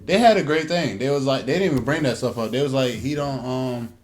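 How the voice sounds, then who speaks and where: A man's voice: mid-range voice, brisk. A man co-hosting a podcast in casual chat, laid-back and blunt with crude jokes. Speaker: podcast co-host.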